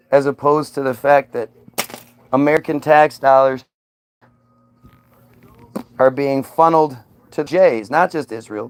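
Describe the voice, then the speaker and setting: This livestreamer sarcastically rants and mocks his chat, arguing back at their comments. He has a smooth voice that leans high.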